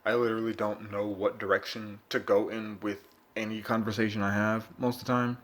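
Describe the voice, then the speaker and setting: A young man vlogging, telling a rambling, profane story in a casual monologue with sudden loud bursts. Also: on the low side, level tone, fairly quick.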